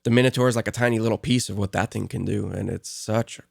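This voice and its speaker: A man with a low, gravelly voice co-hosts a podcast in a relaxed, easygoing chat. He sounds admiring and laughs easily, recorded close and dry. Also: quick pace, no echo. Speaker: podcast co-host. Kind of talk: casual conversation about synths.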